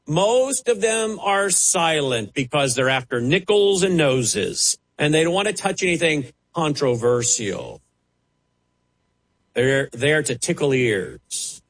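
A man delivering a televised sermon, his husky voice sitting a little high. He preaches with passion, his pitch swooping widely between sharp rises and sudden low drops. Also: very animated, slow, rough recording. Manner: impassioned, dramatic rises and drops.

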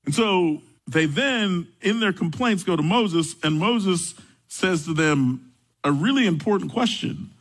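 A young adult man preaching a sermon, telling stories with animated energy. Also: measured pace, slightly rough, rough recording. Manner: animated storytelling, rising high when excited. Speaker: pastor.

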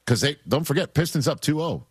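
A man's voice: fairly high pitch, big pitch swings, brisk, husky, dry recording, studio quality. A man with a New York accent hosting sports talk radio, making his points with emphasis and repeating them for effect.

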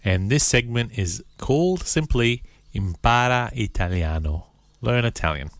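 A man hosting a radio segment, teaching phrases and pausing word by word so listeners can repeat. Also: mid-range voice, lively intonation, dry recording. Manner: spells out phrases word by word for repetition. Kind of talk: slow language-lesson delivery.

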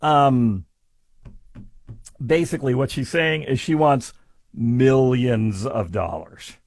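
A man giving sarcastic commentary on a news story, mocking and full of deadpan asides. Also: mid-range voice, slow pace, vocal fry, no room sound, studio quality.

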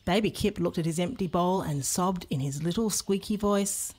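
Husky woman reading a storybook. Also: fairly low pitch, moderate pace. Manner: expressive, playful.

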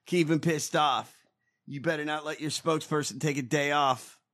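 A man co-hosting a political talk show, reacting loudly and swearing often. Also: a little high, normal speed. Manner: loud, excitable, swearing, shouts and laughs at clips. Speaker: podcast co-host. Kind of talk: profane political banter.

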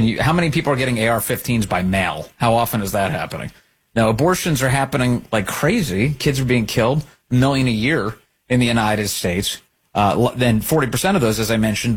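Male talk host, husky, animated delivery, combative and sarcastic. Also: medium pitch, fairly quick. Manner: combative, sarcastic, lively intonation. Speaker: political talk show host. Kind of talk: opinionated commentary.

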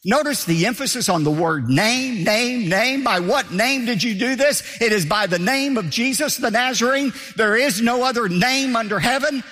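A man's voice: very high voice, expressive, normal speed, hardly any pauses, pushed and bright, long reverb tail. A man preaching a sermon as pastor, emphatic, asking rhetorical questions and hammering points home with repetition.

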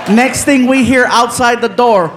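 A man doing stand-up comedy, telling a story with animated acted-out voices on a live stage. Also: very high voice, normal speed. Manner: animated, acts out other characters' voices. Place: live comedy venue with audience. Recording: live stage recording with crowd noise.

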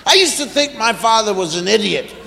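A man performing a stand-up comedy routine, animated and repetitive as he mimics exasperated parents. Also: high-pitched, a little fast, gravelly, a crowd in the background, background noise. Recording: echoey theater with long reverb.

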